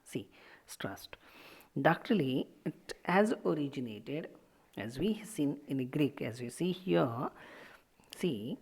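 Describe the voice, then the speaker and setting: Low gravelly woman teaching poetic metre. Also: a little mellow. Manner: explains step by step, repeating "see". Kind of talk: classroom lecture on poetic metre.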